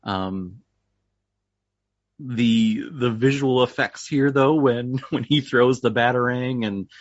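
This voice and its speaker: A man guesting on a casual podcast, recapping a movie in a relaxed way and chuckling often. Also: medium pitch, takes it slowly, no echo. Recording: dry, dull lo-fi remote audio.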